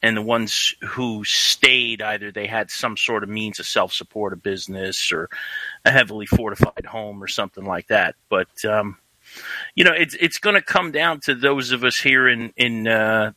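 Bright, ranting male caller. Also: lowish voice, dry recording, poor audio. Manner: ranting, profane. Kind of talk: casual phone-in chat. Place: South Florida.

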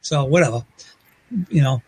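A man with a New England accent co-hosting a podcast, speaking in a slow, halting, hesitant way. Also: mid-range voice, breathy edge. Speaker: co-host. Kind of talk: casual podcast chat.

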